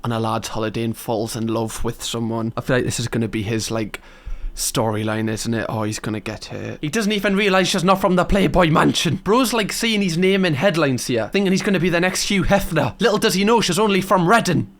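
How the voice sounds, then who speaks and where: Young male reactor, casual and sarcastic, a bit higher than usual. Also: fairly quick, fairly bright tone. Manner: chatty, sarcastic, lots of "like". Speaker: YouTube reactor.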